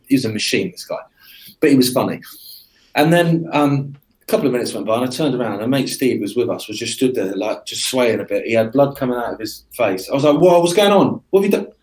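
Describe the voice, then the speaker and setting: An English man, a guest in a casual interview, telling lively anecdotes with energy. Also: on the low side. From England. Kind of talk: casual conversation.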